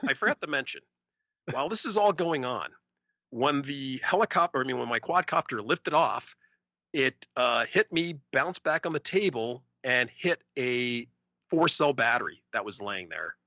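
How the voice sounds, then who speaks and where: A man co-hosting a podcast, telling a story in a casual, animated way and acting out the voices of other people. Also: medium pitch, no echo. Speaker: podcast co-host.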